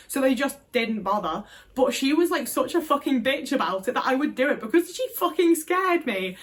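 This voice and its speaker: A woman's voice: medium pitch, fast talker, hardly any pauses. A young woman speaking frankly to camera, swearing often and restarting her sentences in a casual vlog. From Britain. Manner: frank, frequent swearing, emphatic; many fillers and restarts. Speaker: vlogger.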